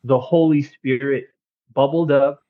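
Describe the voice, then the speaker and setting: A man guest on a podcast, telling a personal faith story in an earnest, excitable way with casual slang. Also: medium pitch, measured pace, phone-quality sound. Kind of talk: casual testimony chat.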